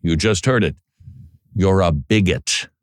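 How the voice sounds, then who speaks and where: A man with a lowish voice comments on speech clips in a sardonic, chatty way. He often restarts his sentences. The sound is dry and close. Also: unhurried, dry recording. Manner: sardonic, conversational, with repeated restarts. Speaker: political commentator.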